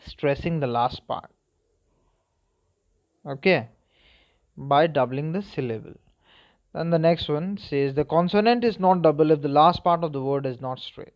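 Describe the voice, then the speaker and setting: A man with a fairly high voice teaches spelling rules to a class. He spells words out letter by letter and keeps checking whether the class understands. The recording sounds dull and lo-fi. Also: darkish tone. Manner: spells words letter by letter, asks "okay?" and "clear?". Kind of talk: spelling lesson.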